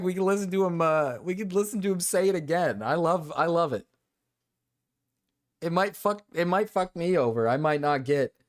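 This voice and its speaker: A man streaming, giving casual reaction commentary, laughing often, swearing and repeating himself. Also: fairly high pitch.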